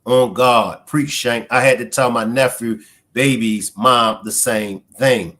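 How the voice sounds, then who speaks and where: A man's voice: medium pitch, fairly even intonation, a little slow, pushed and bright. Emotional man commenting on a live stream. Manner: emotional, reacting to clips and chat.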